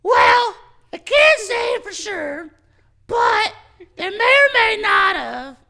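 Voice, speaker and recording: A nervous wooden puppet boy talks in a thin, strained squeak, hedging every word. far above his own range, and he pushes it out loud and tight. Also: sing-song, slow pace, creaky, heavily acted. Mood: evasive.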